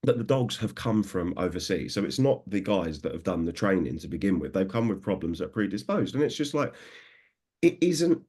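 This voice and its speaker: A man in his thirties with a fairly low voice speaks as a dog trainer in a relaxed interview. He sounds enthusiastic and often acts out the remarks of the people he worked with. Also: brisk, husky. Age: 30s. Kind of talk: conversational interview.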